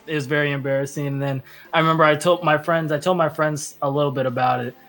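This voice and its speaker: A man's voice: a little high, steady tone, fast talker, a bit bright. A young man telling a rambling story in casual chat, acting out quotes with laughs. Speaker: podcast guest or co-host.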